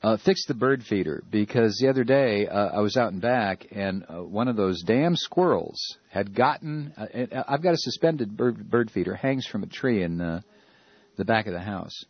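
A man's voice: fairly low pitch, animated, normal speed, slightly rough, no echo, muffled recording. A man hosting a talk radio show, ranting sarcastically and rambling with many fillers. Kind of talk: opinionated talk radio monologue.

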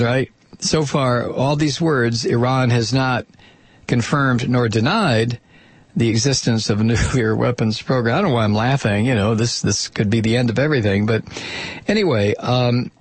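Husky-voiced man commenting on the news. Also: medium pitch, no echo. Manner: reads reports aloud, then breaks off into scornful remarks; hesitant, with frequent fillers. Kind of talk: news commentary with sardonic asides.

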